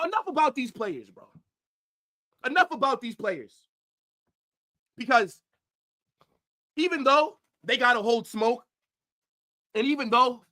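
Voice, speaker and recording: Swearing, ranting man with lively pitch. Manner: angry, profane, swings from shouting to mutters. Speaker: football livestreamer. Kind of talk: livestream rant.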